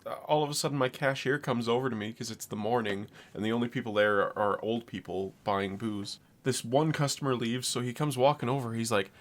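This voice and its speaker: A man's voice: mid-range voice, fairly even intonation, a little fast, few pauses. A man hosting a casual podcast, rambling and laughing as he tells stories. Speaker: podcast host.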